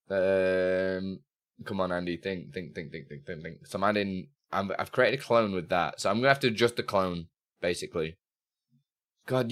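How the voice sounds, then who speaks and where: A man's voice: lowish voice, fairly bright tone. A man live-streaming in casual chat, talking through what he does on screen and muttering to himself. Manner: chatty, self-narrating, muttering to himself, bursts of laughter.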